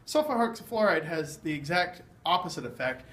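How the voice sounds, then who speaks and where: A man's voice: fairly high pitch, sing-song, a little fast, a bit bright. A man casually explaining a science demonstration to the camera, chatty and full of fillers. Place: university lab room. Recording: echoey room, some background noise.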